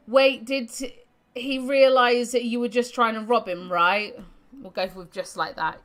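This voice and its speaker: A woman's voice: on the high side, steady tone, measured pace, fairly bright tone. A woman streamer casually chatting through a video game, making giggly asides. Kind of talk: casual live-stream commentary.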